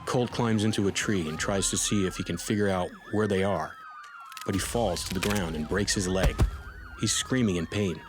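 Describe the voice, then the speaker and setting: A man co-host giving scripted true crime narration in a steady, serious way. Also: low-pitched, normal speed, noisy background. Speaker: podcast co-host.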